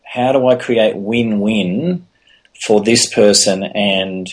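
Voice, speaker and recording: Guest, male, low husky voice, earnest and repetitive. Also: takes it slowly. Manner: earnest, many restarts and "you know". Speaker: podcast guest. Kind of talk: casual interview talk.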